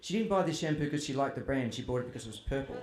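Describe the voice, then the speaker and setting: A man's voice: medium pitch, lively intonation, racing, noisy background. Chatty man telling funny family stories. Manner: chatty, self-deprecating, quotes his father. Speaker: author speaking at a festival. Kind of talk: humorous storytelling to a live audience. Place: festival tent or hall with audience. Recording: roomy hall with faint ambience.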